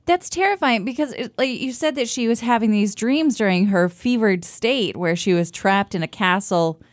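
A woman co-hosting a podcast in casual chat, reacting quickly and teasing her partner. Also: mid-range voice, no echo. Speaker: podcast co-host.

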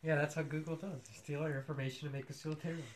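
A man chatting casually about commercials in a sarcastic way, sometimes bursting into loud rants. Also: fairly high pitch, level tone, rapid-fire. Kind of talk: casual chat reacting to ads.

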